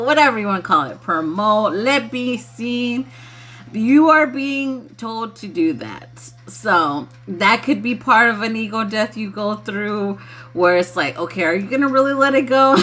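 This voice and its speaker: Slow, bright-toned woman channeling. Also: mid-range voice. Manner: laughs often, loose and chatty, says y'all. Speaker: spiritual channeler on a livestream. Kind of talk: casual livestream talk.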